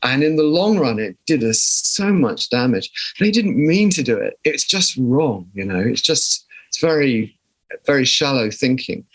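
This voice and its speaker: A man's voice: medium pitch, expressive, a little slow, fairly bright tone. An older man from southern England with a southern English accent, a guest musician telling stories in an interview in a reflective way, often restarting his sentences. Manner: reflective, storytelling with frequent restarts. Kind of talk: conversational interview.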